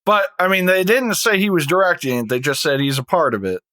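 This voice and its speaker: A man's voice: high-pitched, fairly quick, sharp tone, no echo. A man co-hosting a podcast in casual chat, laid-back and rambling with lots of fillers. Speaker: podcast co-host.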